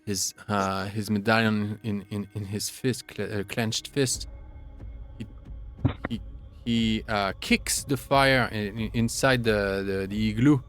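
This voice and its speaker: A man running a tabletop game as game master over an online call, narrating haltingly with many fillers. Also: on the low side, steady tone, a bit bright, faint music behind.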